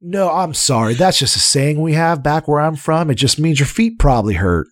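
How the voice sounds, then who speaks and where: A man's voice: on the high side, expressive, normal speed, no room sound, clean studio sound, pitched above the performer's own voice, natural voice. A man voicing a jovial, large human innkeeper who welcomes guests with folksy sayings. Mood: welcoming. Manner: friendly, hospitable, folksy sayings.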